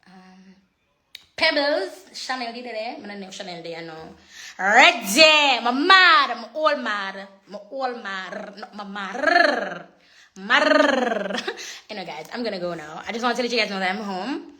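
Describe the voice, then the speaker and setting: A young woman chats to her followers on a phone livestream. Her voice is bright and a little high, and she drifts in and out of patois, laughing as she goes. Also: expressive, measured pace. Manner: chatty, switches into patois, laughs often. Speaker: social media personality. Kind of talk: casual livestream chat.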